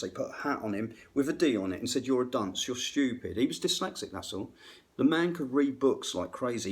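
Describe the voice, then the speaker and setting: A middle-aged man, a musician, ranting unrehearsed between bits of playing, rambling, self-deprecating and swearing freely. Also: mid-range voice. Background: faint guitar playing.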